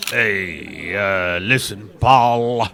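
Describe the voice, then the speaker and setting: A man putting on a gruff, defensive middle-aged dad with a fake tough-guy accent. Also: fairly low pitch, drawn-out words, sharp tone, exaggerated voice.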